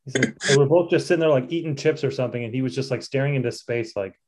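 A man's voice: medium pitch, fast talker, a little mellow. A man co-hosting a podcast in casual chat, rambling, trailing off and laughing often. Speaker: podcast co-host.

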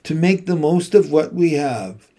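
A man reading a weary, gentle mother. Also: fairly high pitch, lively intonation. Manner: soft, careful, measured. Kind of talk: audiobook character reading.

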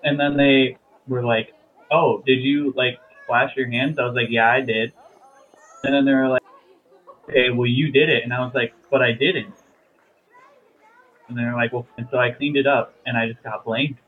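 A young man co-hosts a casual chat podcast in a laid-back way, laughing easily. His middle-pitched voice sounds tinny, like it is coming over a phone line. A faint hiss sits under it. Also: little pitch movement, a little fast. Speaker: podcast co-host.

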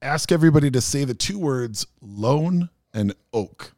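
A man's voice: medium pitch, animated, quick pace, a little mellow, no echo, clean studio sound. A man hosting a podcast, telling rambling stories in casual chat with lots of fillers. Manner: rambling storyteller, many fillers. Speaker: podcast host.

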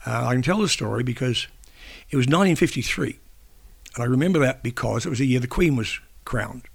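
Older man with a gravelly voice. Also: mid-range voice, lively intonation. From New Zealand. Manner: halting, with frequent restarts and fillers. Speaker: interviewee, former newspaper editor and broadcaster. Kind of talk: recounting a personal story in an interview.

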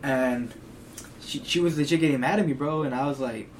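A man's voice: mid-range voice, a little fast. A teenage man in casual chat, telling rambling stories in heavy slang. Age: teens. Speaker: co-host. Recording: distant mic with background hiss.

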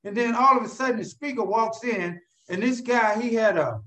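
A man telling his own recovery story to an audience in an animated way. He keeps asking rhetorical questions and calls out to listeners by name. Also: extremely high pitch, moderate pace. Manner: addresses listeners directly by name. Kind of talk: storytelling talk to a live audience.

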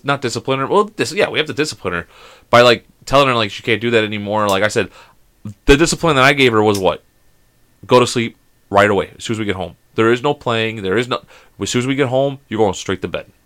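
A man's voice: mid-range voice, fast. A man co-hosting a podcast in casual chat, telling a rambling story and acting out the dialogue. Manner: animated storyteller who acts out the dialogue; rambling, with many restarts. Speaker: podcast co-host.

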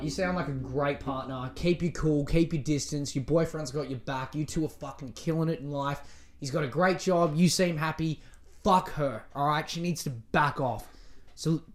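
Sweary podcaster rambling on their own, voice jumping all over the place, mid pitch. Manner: profane, rambling, self-mocking; lively, swings between mutters and outbursts. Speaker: podcast host. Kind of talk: casual solo podcast monologue.

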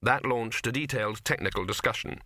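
A man's voice: fairly quick, pushed and bright, no echo, clean studio sound. A man narrating a comic fantasy novel, lifting his voice for the characters' lines. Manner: reads all the characters in one voice, lifting pitch for dialogue. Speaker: audiobook narrator. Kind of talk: scripted narration.

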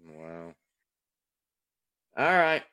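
A man's voice: medium pitch, very animated, extremely slow, sharp tone, clear, resonant tone. A man co-hosting a racing podcast in casual chat, easygoing, asking questions and searching for words. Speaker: podcast co-host.

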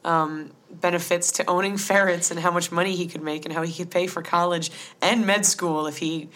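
Chatty woman with a low-set voice. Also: fairly even intonation, normal speed, fairly bright tone. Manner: rambling, laughs often, many "like" fillers. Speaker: podcast co-host. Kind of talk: casual recap chat.

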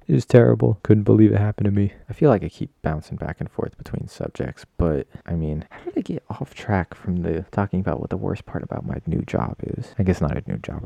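Young man, low gravelly voice, very dark tone, rambling profane podcast talk. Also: no room sound. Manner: rambling, profane, self-mocking chatter. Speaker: podcast host. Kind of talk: solo podcast monologue.

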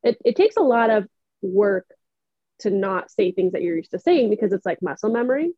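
A woman's voice: medium pitch, sing-song, fairly quick, no room sound. A young woman with a New Hampshire accent chats and tells stories on a podcast, laughing easily. Her voice comes through somewhat muffled and close, with no room sound. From New England. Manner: chatty storyteller, laughs often. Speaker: podcast co-host. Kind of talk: casual chat.

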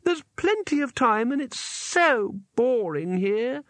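A man reading the lines of a young girl, Death's daughter, with a high, slow and sweetly menacing delivery. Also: big pitch swings, fairly bright tone, no room sound, heavily acted.

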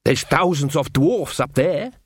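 Nervous dwarf ladies' man, slow and miserable; male narrator plays him. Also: a little high, lively intonation, slightly rough, no echo, clean studio sound, exaggerated voice.

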